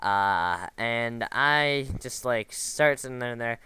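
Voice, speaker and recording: A man's voice: medium pitch, animated, slow pace, bright, forceful tone, clear, resonant tone, no room sound. A man giving casual, rambling commentary over a video game, drifting into side stories with lots of fillers and restarts. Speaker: gameplay commentator.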